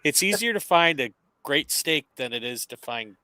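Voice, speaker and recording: Emphatic male commentator, bright forceful tone, dry mic. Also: a little high, lively intonation, normal speed, dry recording, poor audio. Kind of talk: casual movie commentary.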